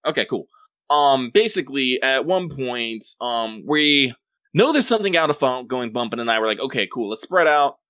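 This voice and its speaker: A man in casual chat, rambling and animated, full of fillers and swearing as he talks about a tabletop game. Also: mid-range voice, normal speed, clear, resonant tone, no echo, clean studio sound. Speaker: podcast co-host.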